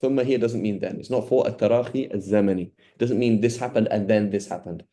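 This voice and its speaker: A man's voice: on the low side, fast talker, dark tone. A man giving an informal Quran lesson, blunt and emphatic, often checking in with "right?". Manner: blunt, emphatic, conversational with many "right?" tags. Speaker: Quran teacher.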